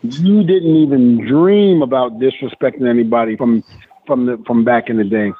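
A man's voice: medium pitch, moderate pace. A man guest in casual chat on a podcast, telling stories with many fillers and restarts. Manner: rambling storyteller, frequent fillers. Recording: tinny phone-like remote line with faint noise.

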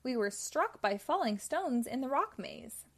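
A woman's voice: high-pitched, sing-song, unhurried, full character voice. Woman voicing a scheming ghost, Blinky. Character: scheming male cartoon ghost.

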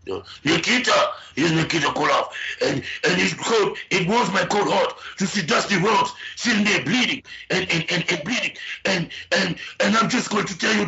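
A man with a fairly high, bright voice and an animated, storytelling way of talking, circling back on his points with repeated phrases. He hosts a casual podcast conversation. The recording is dull and lo-fi. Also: normal speed, vocal fry, hardly any pauses. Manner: animated storyteller who repeats "but see". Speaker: podcast host.

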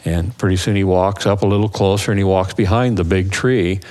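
A man's voice: sits low, fairly quick. A man casually telling a hunting story, acting out elk calls and the voices of his companions. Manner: animated, acts out calls and voices.

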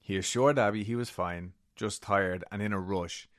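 He's a podcast co-host with a voice on the low side and a normal speaking speed. Retelling a story casually, he quotes from a book, cursing and laughing in asides.

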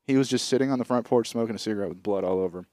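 Low-voiced deadpan young man podcasting. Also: racing, dry recording, studio quality. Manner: deadpan, swears freely, tells stories. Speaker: podcast co-host. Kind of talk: casual storytelling chat. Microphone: studio microphone.

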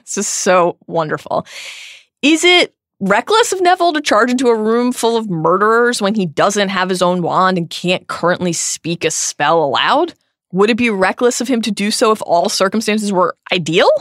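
A woman's voice: mid-range voice, lively intonation, normal speed, a bit bright, no room sound, clean studio sound. A woman co-hosting a podcast, recapping a novel with earnest, openly emotional commentary. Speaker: podcast co-host. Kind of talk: recapping a book chapter by chapter.

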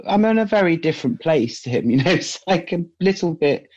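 A man's voice: a little high, expressive, brisk, darkish tone, dull audio. English man telling rambling anecdotes. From England. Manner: rambling storyteller, quotes people, laughs often. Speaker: guest. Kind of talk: casual chat, anecdote telling.

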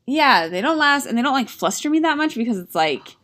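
A woman's voice: sits high, sing-song, fairly quick, a bit bright. A woman in her thirties, a podcast co-host, chatting casually and telling a story with frequent laughs. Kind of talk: casual chat.

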